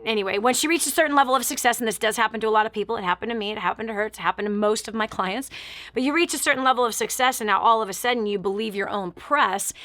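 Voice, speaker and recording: A middle-aged woman tells a personal story on her talk show, piling up emphatic repeated phrases. Her voice sits a little high and rings bright and forceful. The sound is dry and close. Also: rapid-fire, dry recording. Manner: emphatic, repetitive build-ups, candid.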